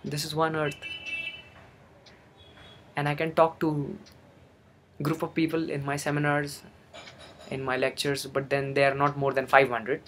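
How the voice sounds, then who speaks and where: A man's voice: fairly high pitch, monotone, measured pace, long pauses, a bit bright, a little hiss or hum. A young man giving an earnest motivational talk, repeating phrases for emphasis. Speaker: motivational speaker. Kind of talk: motivational monologue.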